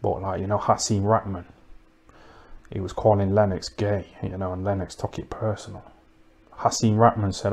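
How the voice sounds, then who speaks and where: A low-voiced man rambles through a comic monologue. He is deadpan and crude, and he keeps tossing tag questions at his listeners. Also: moderate pace, gravelly. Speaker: comedic livestream host.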